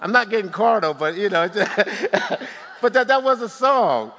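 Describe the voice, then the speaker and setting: Animated male pastor, high voice, long church-hall reverb. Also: unhurried. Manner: animated, humorous asides. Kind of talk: sermon.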